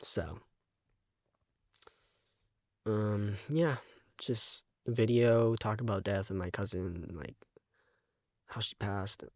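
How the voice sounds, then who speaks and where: A teenage boy talking haltingly in a casual vlog, close to tears, with many fillers and restarts, on a dull, muffled microphone. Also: fairly low pitch, a little mellow, dry recording. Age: teens. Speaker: vlogger.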